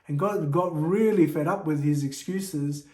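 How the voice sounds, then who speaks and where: A man's voice: a little high, measured pace, a little mellow. A man preaching a sermon in a church, earnest and exhorting his listeners. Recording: echoey church room.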